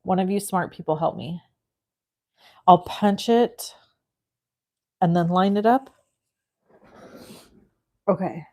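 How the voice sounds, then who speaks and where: A woman's voice: lowish voice, slow pace, pauses often. A middle-aged woman hosting a craft livestream, chatting casually and telling a story as she works. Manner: chatty storyteller, animated and self-mocking. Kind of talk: casual chat while crafting.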